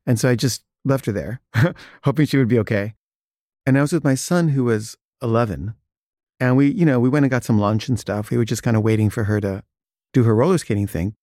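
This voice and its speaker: A man's voice: mid-range voice, fairly quick, no room sound, clean studio sound. A father telling a personal story in a casual way, re-enacting each back-and-forth. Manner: lively, re-enacts each quoted exchange.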